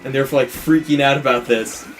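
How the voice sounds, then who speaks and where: A man's voice: mid-range voice, fairly even intonation, moderate pace, faint music behind. A man co-hosting a let's play, casually retelling a film plot in a rambling way, with many restarts and acted-out quotes.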